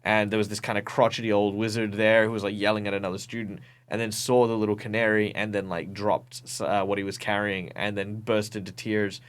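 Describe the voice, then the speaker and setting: Talking fairly quickly with few pauses, a man from Perth, Western Australia, speaks in a low, flat-delivered voice with an Australian accent. He's a professional game master guesting on a casual video-call interview, animatedly spinning stories with many ums and restarts.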